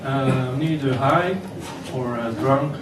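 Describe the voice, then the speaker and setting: A man doing a self-deprecating stand-up set in an unhurried, deadpan manner on a comedy club stage. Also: mid-range voice. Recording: echoey club from far off, noisy.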